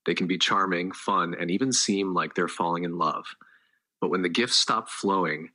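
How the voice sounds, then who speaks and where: A man reading a scripted story in a dramatic, measured narrating manner. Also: sits low, pushed and bright.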